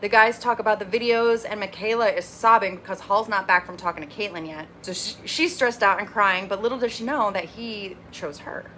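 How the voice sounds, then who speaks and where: A woman hosting a casual TV recap vlog, animated and opinionated, with lively, candid commentary. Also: mid-range voice, fairly quick, few pauses, a little hiss or hum. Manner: animated, opinionated, acts out quotes. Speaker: recap reviewer, channel host.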